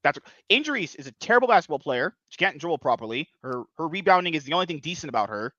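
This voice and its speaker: Animated, bright-voiced male podcast host. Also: fairly high pitch, fast talker, no echo, muffled recording. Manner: rambling, provocative, laughs a lot. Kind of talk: casual podcast chat.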